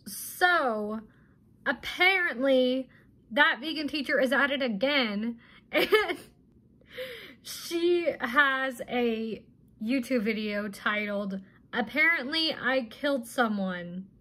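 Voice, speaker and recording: A high-voiced woman giving casual reaction commentary. She sounds indignant and exasperated and keeps her talk loose and chatty. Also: expressive, takes it slowly, bright, forceful tone. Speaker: reaction video host.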